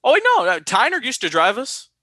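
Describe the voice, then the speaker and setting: A young man hosts a casual podcast, bright and forceful in tone. He tells stories with animation, often jumping up high to act out what others said. The sound is dry and close, with no room around it. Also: fairly quick, no echo. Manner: animated storytelling, high-pitched quoted voices. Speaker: podcast host.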